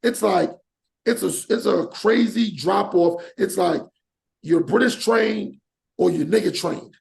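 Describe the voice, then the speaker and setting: A man's voice: high-pitched, a little slow, creaky. A man hosting a podcast in casual chat, ranting animatedly and acting out examples as he talks. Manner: animated, rants with acted-out examples. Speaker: podcast host.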